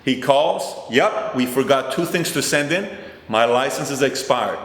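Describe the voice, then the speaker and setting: A man's voice: medium pitch, lively intonation, a little slow. A man hosting a motivational talk, telling a personal story and acting out both sides of its conversations. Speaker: host. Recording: roomy hall with long reverb.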